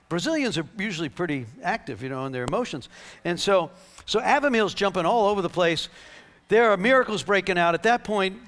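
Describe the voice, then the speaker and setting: A man preaching a sermon, telling a healing story with acted-out dialogue and laughter. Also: sits high. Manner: animated, acts out dialogue, laughs.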